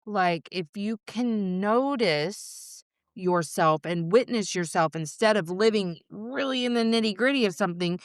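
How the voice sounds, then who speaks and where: A woman therapist hosting a podcast in casual conversation, frank and profane, animated as she acts out her own inner voice. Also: medium pitch, unhurried, dry recording, studio quality.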